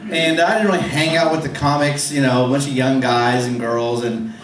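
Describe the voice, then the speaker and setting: A man's voice: mid-range voice, fairly even intonation, normal speed. A man hosting an open mic comedy night, telling a rambling, self-deprecating story from the stage with many restarts. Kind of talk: stand-up storytelling. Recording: echoey club room, distant mic, faint hum.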